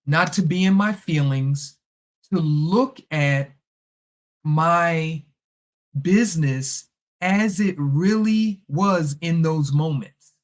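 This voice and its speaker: A middle-aged woman talks through a personal story in a relaxed, chatty monologue. She is animated and keeps slipping into the voices of the people in her story. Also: deep voice, slow pace. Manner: animated, acts out past conversations. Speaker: podcast host.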